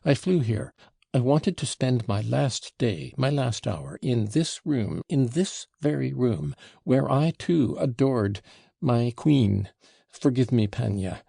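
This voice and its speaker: A man reading the part of a frantic, wildly emotional young man, in halting, choked outbursts. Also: mid-range voice, animated, vocal fry, warm tone, breathy edge, no echo, clean studio sound, full character voice. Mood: desperate.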